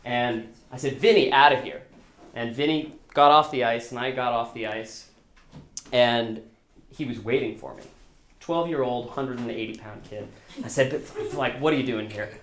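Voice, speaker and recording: A man's voice: mid-range voice, normal speed, echoey room. A man telling a personal story live, in a casual, self-deprecating way, acting out the dialogue as he goes. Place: small live storytelling venue.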